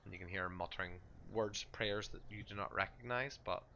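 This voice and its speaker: A man's voice: fairly low pitch, brisk, pushed and bright, dull audio, a little hiss or hum. A man narrating a tabletop horror game as game master, describing scenes with frequent restarts and fillers.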